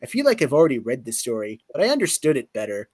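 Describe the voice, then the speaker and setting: A man's voice: medium pitch, wildly swooping pitch, quick pace, darkish tone, breathy edge, no room sound. A man voicing a bitter, jaded young superpowered villain in a put-on accent, in a weary, mocking monologue.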